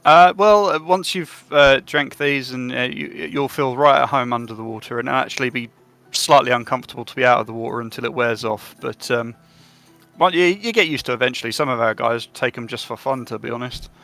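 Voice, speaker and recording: A man's voice: medium pitch, fairly quick, sharp tone, faint music behind. A man voicing a polite, helpful male official who rambles with many hesitations in a tabletop game. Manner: hesitant, full of fillers.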